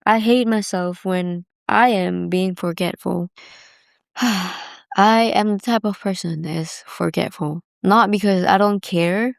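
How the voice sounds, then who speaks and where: A woman's voice: fairly low pitch, gravelly, no room sound, clean studio sound. A young woman hosting a podcast alone, talking candidly and rambling, filling her sentences with "like". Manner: candid, rambling, heavy use of "like". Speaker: podcast host. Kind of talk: casual solo confessional talk.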